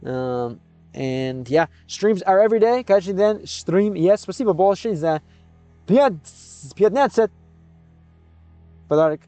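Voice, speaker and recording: A man, a native English speaker, live-streaming in a casual chat, sounding out Russian words slowly and thinking aloud as he thanks viewers. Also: high voice, animated, mellow, clean tone, dry recording, soft background music.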